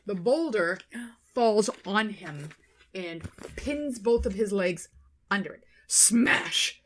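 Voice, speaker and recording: A woman co-hosting a podcast, telling a story in casual chat, animated and swearing as she quotes people. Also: medium pitch, slow, a little hiss or hum. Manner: animated retelling, swearing, quoting people in their voices. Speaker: podcast co-host.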